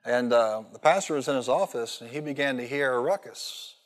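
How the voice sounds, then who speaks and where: A male pastor gives an animated sermon that mixes humorous stories with calls for the congregation to answer back. His voice sits at a mid pitch, and each phrase rings out into the long reverb of a large church hall. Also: a little fast. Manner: animated storytelling with call-and-response.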